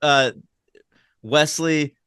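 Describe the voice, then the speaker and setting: A man's voice: very slow, bright, forceful tone, clean tone, dry recording, studio quality. A man co-hosting a podcast, chatting casually and laughing often as he recaps a TV episode. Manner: laughs often, quotes lines in a lowered voice. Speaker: podcast co-host.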